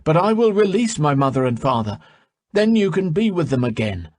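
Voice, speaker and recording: Voicing a defiant young hero, a man pitches himself above his natural voice, landing on the high side with big swings in pitch. He keeps a moderate pace and a somewhat dark tone, and the studio-quality recording has no echo.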